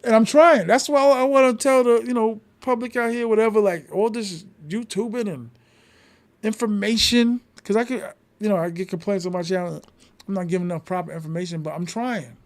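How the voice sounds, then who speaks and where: A man, a podcast guest telling stories in casual conversation, emphatic and animated, swearing often. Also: high voice, a little fast. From New York City.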